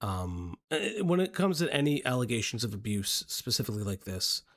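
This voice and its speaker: A man hosting a commentary show in casual talk, halting, with many ums and restarts. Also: mid-range voice, very animated, a bit bright.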